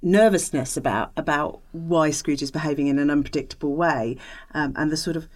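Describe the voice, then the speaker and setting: A woman with a low, brisk voice co-hosts a podcast, chatting casually about film ratings. She sounds thoughtful and hesitant, with lots of fillers and restarts.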